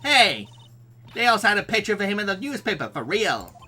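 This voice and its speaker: A man voicing an excitable, boastful young woman photographer in a game. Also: high voice, a little fast, breathy edge, voice pushed up, heavily acted. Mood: excited boasting.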